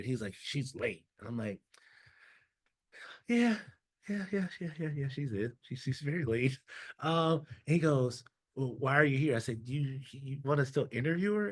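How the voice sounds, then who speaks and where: A man's voice: medium pitch, no echo. A man giving a casual, chatty talk as a guest speaker, telling stories with dry humor and acting out quoted dialogue. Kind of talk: storytelling talk to an audience.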